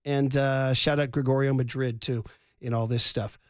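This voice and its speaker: A man hosting sports radio, telling stories in an animated, slangy way, calling people dude. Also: mid-range voice, normal speed, slight background noise. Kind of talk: excited sports radio storytelling. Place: radio studio.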